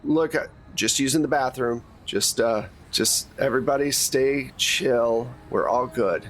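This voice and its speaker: A man's voice: medium pitch, measured pace, fairly bright tone. A man voicing a nervous male hitman who stammers and tries to placate people, in a tabletop game.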